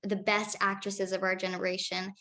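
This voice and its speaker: A teenage girl, a young actress, talks through her answers in a chatty, upbeat way. She fills her sentences with ums and likes and keeps a mid-range pitch. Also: level tone, moderate pace, bright, forceful tone, a little hiss or hum. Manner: chatty, upbeat, with many fillers. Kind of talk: casual interview answers.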